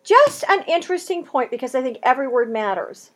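A woman teaching a Bible study, emphatic, repeating key words and reading scripture with dramatic slowing. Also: high-pitched, expressive, a bit bright.

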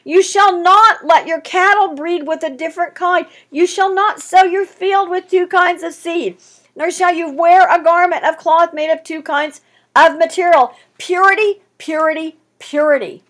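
A woman's voice: extremely high pitch, fairly even intonation, unhurried, a bit bright. A woman teaching a Bible study, reading scripture aloud and commenting on it with strong emphasis.

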